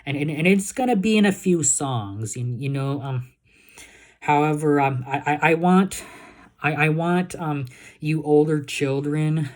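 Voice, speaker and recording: A young man vlogging straight to his viewers in a loose, unscripted way. His speech halts and stumbles, with doubled words and frequent restarts, and he keeps asking the audience if they follow him. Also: a little high. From Texas. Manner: halting, many repeated words and restarts; keeps asking "you know what I'm saying, guys?". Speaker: YouTube vlogger. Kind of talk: casual vlog talk to viewers.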